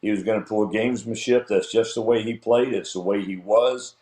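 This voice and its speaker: A man's voice: lowish voice, fairly even intonation, normal speed, mellow. Blunt older man in an echoey room. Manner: blunt, plainspoken storyteller. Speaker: guest, retired golf pro. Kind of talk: casual interview.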